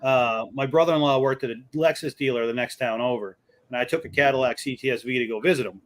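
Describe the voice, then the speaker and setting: A man telling lively stories in a casual chat and acting out the people in them. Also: medium pitch, fast talker. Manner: animated storyteller, acts out quoted voices. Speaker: co-host.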